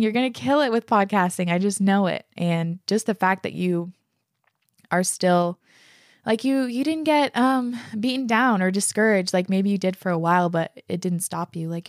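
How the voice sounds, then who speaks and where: A woman's voice: medium pitch, moderate pace, no echo, studio quality. A young woman hosting a podcast, reading listener emails aloud and reacting with effusive praise and casual swearing.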